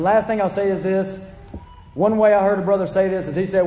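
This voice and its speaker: A man's voice: sits high, steady tone, fairly quick, dark tone, a little hiss or hum. A man preaching a sermon with passion, pleading with listeners and acting out quotes. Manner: impassioned, pleading, acts out quotes. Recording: echoey hall.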